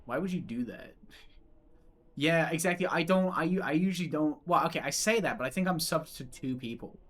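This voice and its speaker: A young man with a slightly high, expressive, somewhat bright voice talks briskly while streaming a visual novel. He reads its lines aloud and chats with viewers, giggly and rambling, swearing casually.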